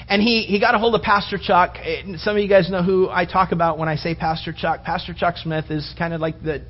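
A man's voice: high voice, fairly even intonation, brisk, hardly any pauses, lo-fi sound. A male pastor preaching a sermon, telling a long rambling story with many restarts.

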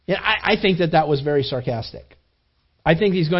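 Male pastor, high voice, lively storytelling sermon, dull lo-fi recording. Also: a little fast, breathy edge. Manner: animated storytelling, acting out quoted voices, repeated restarts.

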